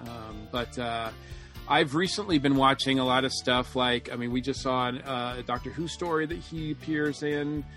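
Man with halting speech, faint guitar behind. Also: medium pitch, a bit bright. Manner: halting, many ums. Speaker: podcast co-host. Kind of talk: casual podcast chat. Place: Atlanta area.

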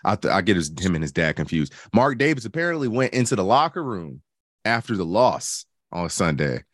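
A man with a low voice riffing through football talk in a dry, close-miked sound. He talks in an animated, joking way and swears casually, trailing off with asides between stats and opinions. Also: fairly quick, no echo. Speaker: podcast co-host.

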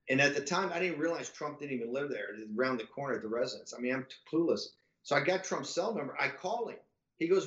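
A man's voice: medium pitch, fast. Male podcast guest, loose profane storyteller who acts out the other voices; muffled, echoey room sound. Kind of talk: casual anecdotal storytelling.

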